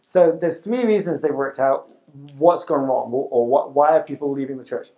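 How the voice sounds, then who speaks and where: Animated middle-aged male youth minister. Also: medium pitch, normal speed. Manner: animated and conversational, with restarts. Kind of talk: talk to youth workers. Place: talk in front of a live audience.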